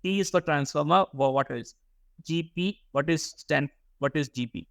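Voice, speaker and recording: A young man lectures a workshop class in a slightly high voice, recorded dry and close with no room echo. He often repeats words and keeps asking the students questions. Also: normal speed, creaky. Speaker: workshop instructor.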